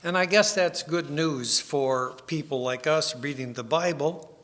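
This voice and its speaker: A man giving a sermon with slides, unhurried and self-deprecating, with small restarts. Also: on the high side, fairly bright tone. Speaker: speaker giving a split sermon. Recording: long hall reverb.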